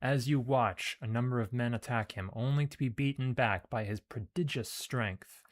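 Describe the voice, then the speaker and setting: A man's voice: medium pitch, normal speed. A man playing a video game and casually reading its story text aloud, with offhand asides. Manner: casual, reads with loose emphasis and asides.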